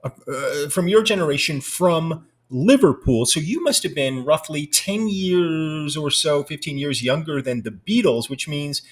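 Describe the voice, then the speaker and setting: A man from New Jersey hosting a podcast, asking curious questions in relaxed conversation. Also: a little high, a little slow, hardly any pauses, husky. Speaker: podcast host. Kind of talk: casual interview.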